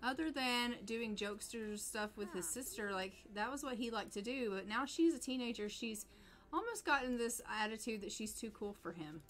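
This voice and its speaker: A woman's voice: on the high side, lively intonation, moderate pace, a bit bright. Chatty woman streaming a life-sim game. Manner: chatty, talks to characters. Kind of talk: live game stream commentary.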